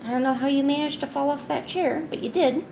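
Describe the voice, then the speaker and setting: A woman live-streaming casually, often cooing to her cats in a high, soft baby-talk voice. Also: fairly even intonation, fast, creaky, a little hiss or hum. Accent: American. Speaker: art streamer.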